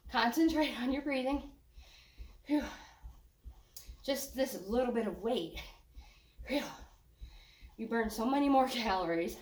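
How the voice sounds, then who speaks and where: A woman's voice: a little high, slow, long pauses, a little mellow, roomy sound. An older woman leading a walking workout. She is out of breath, jokes, and sighs between her encouraging cues. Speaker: fitness instructor.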